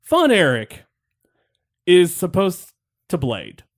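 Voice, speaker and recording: A man's voice: high-pitched, huge pitch swings, slow pace. A man hosting a podcast, rambling through a wrestling match recap in casual chat, wry and laughing, with the odd swear. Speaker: podcast host.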